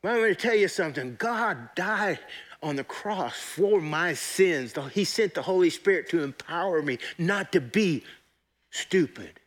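A man with a fairly high voice preaches a sermon in a church service. He talks in a conversational way, stopping to ask the congregation questions and waiting on their answers. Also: lively intonation, a little slow. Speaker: pastor.

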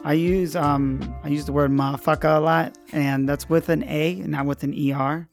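A man's voice: a little high, steady tone, normal speed, creaky, faint music behind. A man being interviewed, answering in a playful, candid and cheerfully profane way. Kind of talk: casual street interview.

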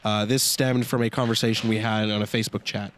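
A man's voice: lowish voice, flat delivery, fast, fairly bright tone, slight background noise. A man co-hosting a casual podcast, reading listener email and giving blunt, joking opinions. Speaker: podcast co-host.

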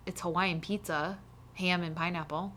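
A woman in playful podcast banter who teases her co-host and laughs a lot. Her voice sits a little low yet sounds bright and forceful. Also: fairly even intonation, moderate pace, slight background noise. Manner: playful and teasing, laughs often. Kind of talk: casual chat.

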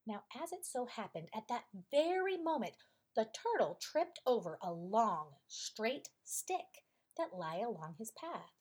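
A woman storyteller reads a bedtime tale in a gentle, soothing way, unhurried and drawn out. Her voice sits a little high and moves a lot, with a soft, breathy grain. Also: very animated. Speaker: podcast storyteller.

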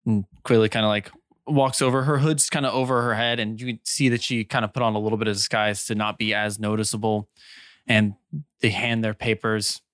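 A man narrating as game master of a tabletop game in a relaxed way, with many fillers. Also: fairly low pitch, brisk, no echo, clean studio sound.

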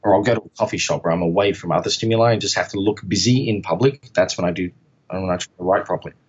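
A man's voice: deep voice, very fast, breathy edge, highs cut off. An Australian man from Perth, chatting as an interview guest in a rambling, self-deprecating way. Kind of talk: casual interview chat.

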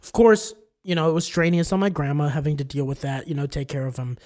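A man co-hosting a podcast in casual chat, an animated storyteller who laughs often and acts out what people said. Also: fairly high pitch, fast. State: has an ear infection. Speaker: podcast co-host.

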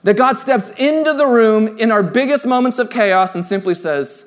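A man with a notably high voice delivers a sermon to a church congregation. His preaching is conversational and personal. For the tender lines he sinks into a soft, hushed delivery. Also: normal speed, few pauses. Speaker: pastor.

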